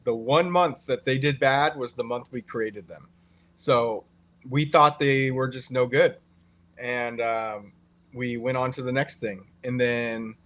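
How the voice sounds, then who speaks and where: A man co-hosting a live stream, explaining in a relaxed way with many fillers. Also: mid-range voice. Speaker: co-host and trader. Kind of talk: casual live-stream chat.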